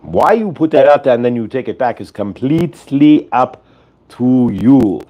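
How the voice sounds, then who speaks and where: A man's voice: medium pitch, lively intonation, moderate pace, lo-fi sound. A man hosting a show, giving a channeled spiritual teaching that speaks as "we" and circles back to repeat its points. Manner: speaks as a collective "we", repetitive and instructive.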